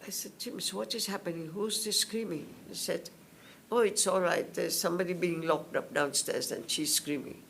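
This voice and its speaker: An older woman from India giving spoken testimony at a public hearing, telling her story slowly and in detail and acting out what others said. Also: lowish voice, creaky, slight background noise. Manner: slow, detailed storytelling that acts out others' words.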